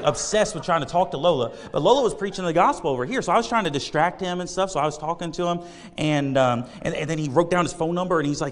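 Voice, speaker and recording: A man with a slightly high voice preaches a sermon, telling a story in a loose, rambling way. He leans on fillers and restarts as he goes. His voice rings through a hall with a long reverb.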